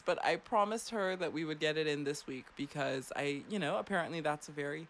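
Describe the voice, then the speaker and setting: Lady radio host, lowish voice, casual teasing chat, laughs a lot. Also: fast, few pauses, a little hiss or hum. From Bahamas. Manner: chatty, teasing, laughs often. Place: radio studio.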